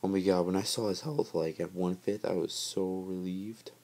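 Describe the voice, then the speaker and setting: A man's voice: sits low, steady tone, moderate pace, mellow. A man giving casual, chatty gameplay commentary over his footage, joking about himself and laughing often.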